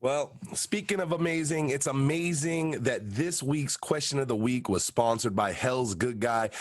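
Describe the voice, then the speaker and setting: Podcast host, male, middle pitch, emphatic and casual, dry booth sound. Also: no room sound. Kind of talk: casual chat.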